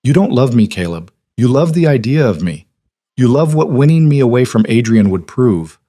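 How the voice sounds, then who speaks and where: A man voicing a desperate young noblewoman in an audiobook romance, earnest and steady. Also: mid-range voice, moderate pace, no room sound, clean studio sound, voice pushed up, lightly acted. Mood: resolute.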